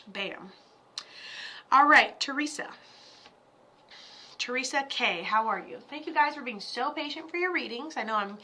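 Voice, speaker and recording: A woman's voice: on the high side, sharp tone. A woman giving psychic mediumship readings on a live stream, talking in a blunt, profane, pep-talk way.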